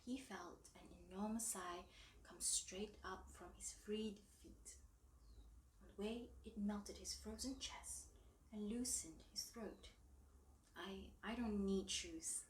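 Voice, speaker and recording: A woman reads a story aloud in a soft, gentle way, her voice sitting at an ordinary middle pitch. The recording carries a noticeable room echo. A faint hiss lies underneath. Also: fairly even intonation, takes it slowly. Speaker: story reader. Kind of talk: storybook reading. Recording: echoey room.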